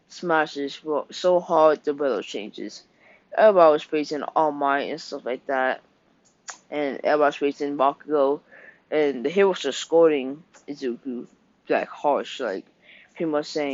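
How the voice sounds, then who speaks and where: A man casually retelling an anime plot, halting and rambling with many ums and restarts. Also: a little high, no echo. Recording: dull dry home recording.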